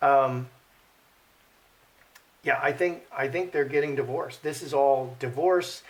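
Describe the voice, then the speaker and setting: A man's voice: mid-range voice, slow pace. A man giving casual commentary while reading cards, thinking aloud, repeating himself and murmuring the card names. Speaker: card reader.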